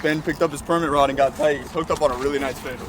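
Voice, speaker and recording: Excited angler shouting over outdoor noise. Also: male voice, a little high, quick pace. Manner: energetic, exclaiming, breathless bursts. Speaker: fishing video host. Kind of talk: excited outdoor fishing vlog chatter. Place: outdoors on a bridge over the water. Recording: outdoor wind and water noise.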